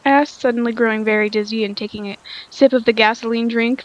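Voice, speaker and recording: A woman's voice: a little high, steady tone, fast, few pauses, muffled recording. A woman reading a story aloud, sounding tired, stumbling over lines and rereading them. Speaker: story reader.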